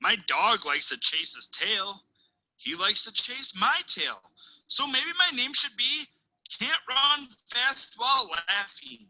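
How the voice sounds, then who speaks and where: A teacher reads a picture book aloud to children in a bright, keen woman's voice. Her pitch swoops up and down as she tells the story, and she drops into hushed asides and dramatic pauses. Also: expressive, rough recording.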